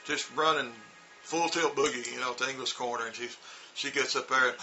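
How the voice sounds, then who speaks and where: A man's voice: mid-range voice, animated, brisk, creaky, over music, rough recording. A man casually telling stories about teaching, rambling with many fillers and restarts. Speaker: vlogger recounting teaching in China. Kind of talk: casual storytelling.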